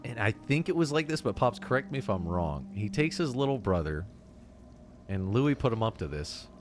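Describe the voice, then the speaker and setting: A man's voice: fairly low pitch, very animated, moderate pace, music in the background. A man streaming a game, telling stories in casual chat. He laughs often and swears freely. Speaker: let's play streamer. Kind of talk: casual chat while gaming.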